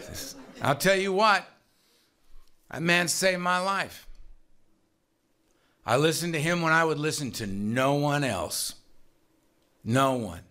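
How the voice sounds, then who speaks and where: A man's voice: on the high side, slow, long pauses, bright, forceful tone. A middle-aged man telling his own recovery story at a meeting, with wry, self-mocking humor and grumbling asides.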